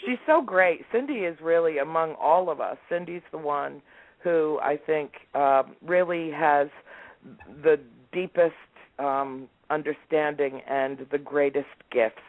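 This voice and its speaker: This deep-voiced woman in her sixties talks a little slowly while recounting family tales in a remote interview, playing out her relatives' words with animation. It's a dry recording captured over a phone or call line, sounding tinny.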